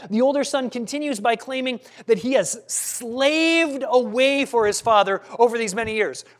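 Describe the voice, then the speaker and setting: A man preaching a sermon, earnest and questioning, with dramatic pauses and some restarts. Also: sits high.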